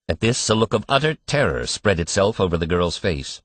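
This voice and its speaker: A man narrating an audiobook in a measured, expressive storytelling manner. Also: deep voice, dry recording. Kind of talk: scripted narration.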